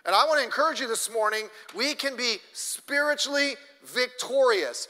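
High-voiced pastor preaching in a reverberant hall. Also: male voice, animated, a little slow, bright, forceful tone. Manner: storytelling, acting out characters' lines; blunt, joking asides. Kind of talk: sermon. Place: church.

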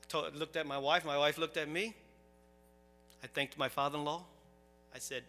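A man preaching a sermon as pastor, swinging from quiet storytelling to loud, animated preaching. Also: medium pitch, normal speed, long pauses, long reverb tail, faint music behind.

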